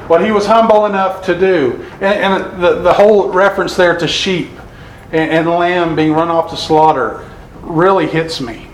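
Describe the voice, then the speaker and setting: Male preacher, earnest sermon delivery, somewhat high voice, roomy echo. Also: steady tone, slight background noise. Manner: earnest, reads scripture slowly. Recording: echoey room.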